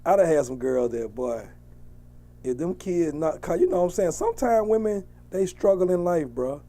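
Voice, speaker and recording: A man's voice: fairly high pitch, animated, moderate pace, mellow. A man hosting a podcast, telling rowdy stories with lots of laughter and acted-out scolding. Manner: boisterous storytelling, laughing, acting out scolding. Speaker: podcast host. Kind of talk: casual podcast chat.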